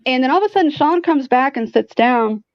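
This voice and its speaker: Profane, animated woman telling a story. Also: high-pitched, a little fast, dry recording, highs cut off. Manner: animated, profane, heavy use of "like". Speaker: guest. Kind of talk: casual storytelling chat.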